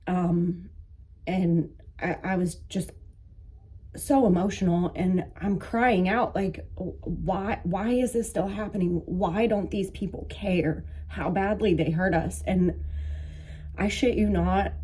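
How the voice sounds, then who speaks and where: A woman giving a halting, emotional personal monologue, with many restarts and fillers, as if close to tears. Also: on the low side, dark tone, husky. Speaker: vlogger, coaching.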